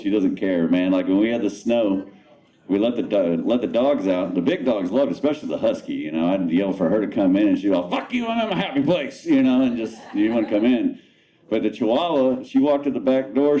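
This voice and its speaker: A man's voice: fairly low pitch, warm tone, lo-fi sound. A man in his thirties doing a rambling, self-mocking stand-up comedy set on a club stage, swearing casually. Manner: laid-back, rambling, profane, self-mocking.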